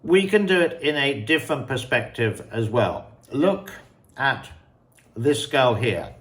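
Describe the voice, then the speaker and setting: Slow-talking man hosting a quiz. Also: mid-range voice, animated, a bit bright. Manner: slow, deliberate, asks the viewer questions. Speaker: show host. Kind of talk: casual commentary quiz to camera.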